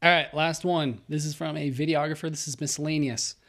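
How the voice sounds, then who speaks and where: A man's voice: fairly high pitch, fairly even intonation, fairly quick, a bit bright. A young man co-hosting a podcast, reading a listener's story aloud and chatting, laughing often as he talks. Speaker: podcast co-host.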